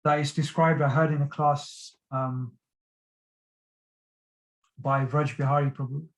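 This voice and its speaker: A man giving a devotional talk, earnestly retelling a sacred story with frequent pauses. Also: on the high side, level tone, low-quality recording. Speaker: devotional speaker.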